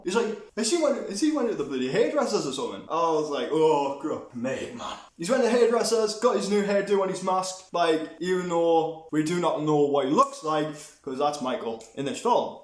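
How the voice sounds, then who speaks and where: High, lively man ranting. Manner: animated, sweary, rambling with restarts. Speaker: movie reviewer. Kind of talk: ranting movie review. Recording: echoey room.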